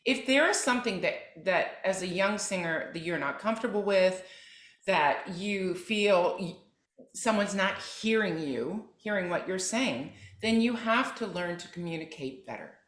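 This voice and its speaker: A woman's voice: mid-range voice, expressive, measured pace. A woman opera soprano, a guest on a podcast, earnestly giving advice in conversation. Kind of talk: interview conversation. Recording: roomy echo.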